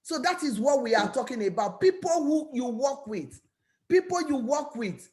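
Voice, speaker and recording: A woman with a Nigerian English accent gives an energetic motivational talk about her network marketing business, often repeating and restarting words. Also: sits high, normal speed. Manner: energetic, repetitive, preachy.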